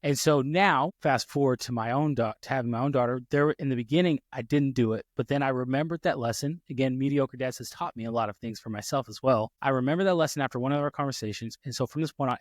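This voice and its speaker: A man hosts a casual podcast chat from his home office, spinning a personal story with plenty of fillers and false starts. His voice sits in an ordinary middle pitch. The sound is dry and close, with no room echo. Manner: rambling, animated, many restarts and fillers. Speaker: podcast host.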